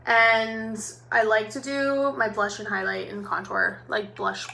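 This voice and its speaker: A woman's voice: a little high, a little slow, gravelly, sharp tone. A chatty young woman doing a live makeup tutorial as a makeup artist, talking directly to her viewers in a bubbly way.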